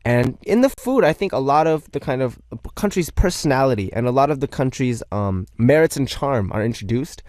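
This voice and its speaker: A man's voice: medium pitch, animated, a little fast, darkish tone, no room sound, studio quality. A young man hosting a radio show, reading out listener messages in a playful, chatty way and joking about himself.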